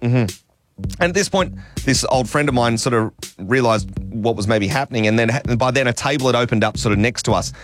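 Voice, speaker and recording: A man's voice: mid-range voice, fairly quick, faint music behind. Australian guy, thirties, chatty radio storyteller, easygoing and self-mocking. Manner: rambling, self-deprecating, laughs often. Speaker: radio guest telling a story.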